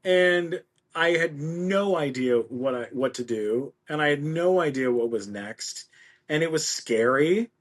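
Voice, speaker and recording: Middle-aged guy telling a wild story on a podcast, does all the voices, kinda high voice. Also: unhurried. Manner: animated storyteller acting out quoted voices. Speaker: podcast guest. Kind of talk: casual interview storytelling.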